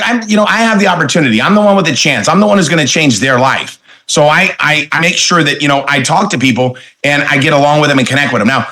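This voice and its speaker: A middle-aged man giving a motivational sales training talk, energetic and punchy, repeating his key phrases. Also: a little high.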